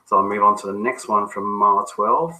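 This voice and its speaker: Lower, bright-voiced male coach. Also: moderate pace, low-quality recording. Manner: relaxed, conversational, frequent ums and restarts. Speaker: business coach. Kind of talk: coaching call, answering questions.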